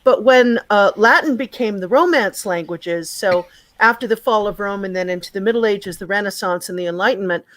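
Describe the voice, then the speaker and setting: A woman's voice: mid-range voice, brisk, rough recording. A woman guest chatting casually on a video call, explaining things in a digressive, talkative way with lots of fillers. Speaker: guest, magazine and radio presenter. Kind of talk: casual chat, explaining word history.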